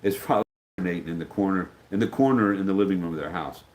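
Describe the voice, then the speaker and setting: Racing along in a low, somewhat mellow voice, a middle-aged man chats casually on a livestream captured in a low-quality recording. He reads viewer comments and answers them in a rambling way, now and then losing his train of thought and imitating the people he quotes.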